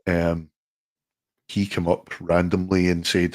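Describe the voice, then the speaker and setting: Glasgow guy telling stories on a stream, really low voice, dry sound, swears a lot. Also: level tone, measured pace, darkish tone, no echo. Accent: Glaswegian. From Scotland. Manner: swearing storyteller, laughs often. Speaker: live stream co-host. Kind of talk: casual chat.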